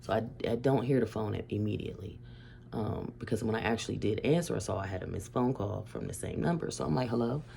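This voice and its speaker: Very gravelly low-voiced middle-aged woman. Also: fast talker, slight background noise. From Ohio, USA. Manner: animated, profane, laughing through the story. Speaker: mother telling a family story. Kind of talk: casual storytelling to camera.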